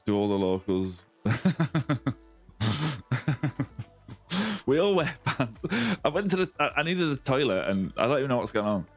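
Speaking in a sing-song, unhurried way with frequent pauses, this man has a mid-range voice and a Lancashire accent from England's northwest, close to Yorkshire. He streams a game live, joking with viewers and greeting them by name, over soft background music.

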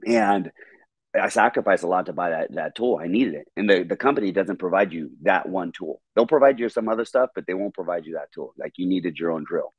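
A man guest on a podcast telling a story in a casual, animated, profane way, repeating words when excited. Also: deep voice, fairly quick, slightly rough, no echo.

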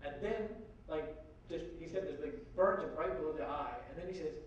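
Guy with a fairly high voice telling a wild story at a university talk, lots of "like", does everyone's voices, sounds far from the mic. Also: brisk, dull audio. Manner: lively, acts out quoted voices, frequent "like" and "you know". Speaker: guest speaker at a university forum. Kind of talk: animated anecdote storytelling. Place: university lecture hall. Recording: very echoey hall from far off, faint noise.

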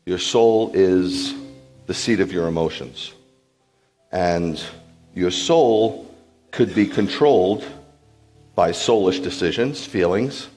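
A man's voice: low-pitched, slow, long pauses, in a large hall, faint music behind. A man, a rabbi, preaching a sermon to a congregation in a teaching manner, often checking whether listeners follow. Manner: animated teaching, asks the room questions. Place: large hall with a congregation.

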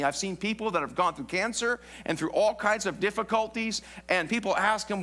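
A pastor preaching live in a church sanctuary, a man with a high, ringing voice. He keeps it animated and playful and teases the congregation as he goes. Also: quick pace. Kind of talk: sermon. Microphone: live broadcast mic.

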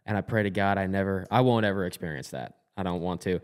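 A man's voice: deep voice, fast. A man co-hosting a podcast, a former player and coach, talking in a blunt, fired-up way and swearing freely. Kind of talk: casual podcast chat.

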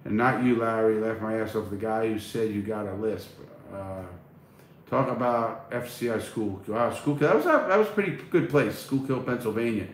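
A man with a lowish voice hosts a relaxed livestream, reading viewer comments out and answering them off the cuff. He pauses often on "uh" while he gathers his thoughts. The room echoes noticeably, and there is a faint hum of noise behind him. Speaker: livestream host. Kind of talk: casual livestream chat, reading viewer questions aloud. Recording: roomy echo, faint background noise.

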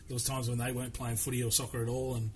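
A man's voice: mid-range voice, level tone, rapid-fire, a little hiss or hum, low-quality recording. A man hosting a sports podcast, asking chatty, rambling questions in a matey tone. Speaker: podcast host. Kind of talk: casual podcast interview.

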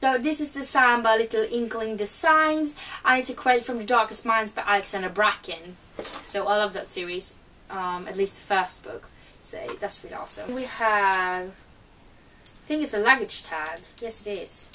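A woman's voice: medium pitch, moderate pace, pushed and bright, distant mic, a little hiss or hum, poor audio. A woman with a cold, chatting eagerly as she unboxes items at home for her channel. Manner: chatty and eager, many fillers. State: has a cold. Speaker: book vlogger. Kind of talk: casual unboxing chat.

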